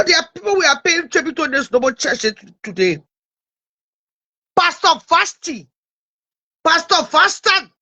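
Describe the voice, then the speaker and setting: Very high-voiced, bright woman. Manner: animated, stumbles over names, talks to her audience. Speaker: livestream host. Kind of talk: casual livestream chat.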